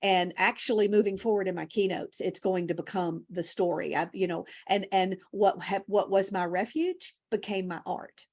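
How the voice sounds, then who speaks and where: As an interview guest, this keynote speaker recounts her personal story with animation and occasional emotion. Her voice sits at medium pitch, and she keeps a moderate pace with few pauses.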